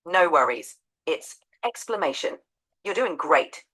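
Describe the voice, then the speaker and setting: An AI assistant with a woman's voice, patiently and encouragingly coaching pronunciation in a measured way. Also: low voice, sing-song, a bit bright, husky, low-quality recording.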